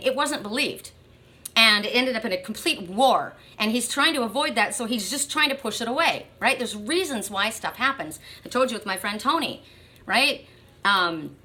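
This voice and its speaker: A woman with a bright, forceful voice gives a spiritual card reading straight to her listeners. She talks emphatically, circles back on her own phrases, and keeps checking in with a quick "right?". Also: on the high side. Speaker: oracle card reader.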